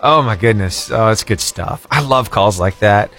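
A man's voice: on the low side, lively intonation, normal speed, vocal fry, fairly bright tone, soft background music. A cheerful man, hosting a radio morning show in upbeat call-in chat, chuckling often. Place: radio studio.

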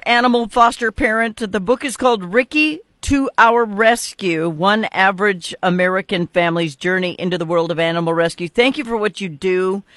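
An older woman hosts a casual radio interview, chatty and blunt, quick to laugh. She comes from North Dakota and speaks close to a studio mic. The sound is dry, with no room in it. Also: fairly low pitch, fairly bright tone, no room sound. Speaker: radio host.

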